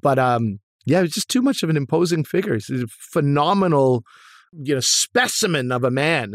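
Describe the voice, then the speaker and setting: A man's voice: on the high side, expressive, normal speed, dry recording, clean studio sound. A man, an actor, telling stories from film sets in a casual interview, rambling with many restarts and asides. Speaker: actor guest.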